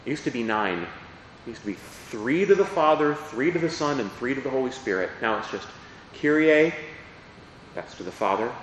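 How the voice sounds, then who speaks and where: A man's voice: mid-range voice, a bit bright, heavy reverb, in a large hall, slight background noise, poor audio. A man who is a priest, explaining parts of the Mass in a chatty teaching talk and often asking his listeners questions. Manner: chatty, asks the audience questions.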